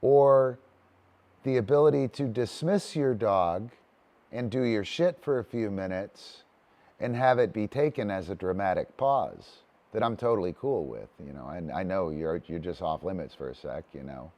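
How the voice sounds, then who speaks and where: A man's voice: on the low side, expressive, moderate pace, darkish tone. A man teaching a casual online disc dog training session, talky and loose, breaking into cheery cues to his dog.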